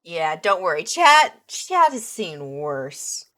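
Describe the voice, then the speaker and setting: A woman's voice: on the low side, moderate pace, fairly bright tone. A young woman streamer chatting casually on a call, joking and telling rambling stories.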